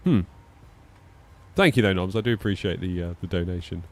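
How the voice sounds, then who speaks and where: On a live stream, a flight sim streamer with a low voice talks a little fast, rambling casually. His speech is hesitant, loaded with fillers, and dotted with little laughs at himself.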